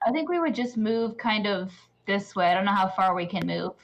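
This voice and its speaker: A woman's voice: medium pitch, lively intonation, a little fast. A woman playing a tabletop game, earnestly explaining what her character would do. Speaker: player. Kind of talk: casual tabletop game chat.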